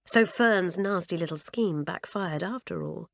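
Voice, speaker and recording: A woman narrating a children's audiobook in a measured storytelling manner. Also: fairly low pitch, a bit bright, dry recording, studio quality. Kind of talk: scripted narration.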